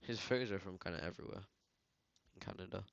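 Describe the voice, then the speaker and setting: A man's voice: deep voice, quick pace, gravelly, no room sound. A man with a British accent chatting casually while editing photos, rambling and slangy, full of filler words. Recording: dull, dry lo-fi sound.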